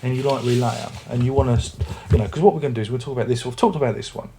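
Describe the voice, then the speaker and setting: A little hiss or hum runs under this recording of a man racing through his words in a mellow, medium-pitched voice. He's a music review vlogger casually discussing an album from a room at home with a record player and speakers. He rambles, chats, and restarts often.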